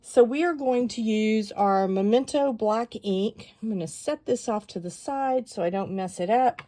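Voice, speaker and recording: A woman calmly walking viewers through a stamping craft project step by step, chatty and given to rambling asides. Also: fairly high pitch, normal speed.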